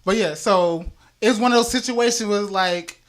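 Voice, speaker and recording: A man's voice: moderate pace, fairly bright tone. Laid-back young man hosting a podcast. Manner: laid-back storytelling, low-key, laughs often. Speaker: podcast host. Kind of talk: casual chat.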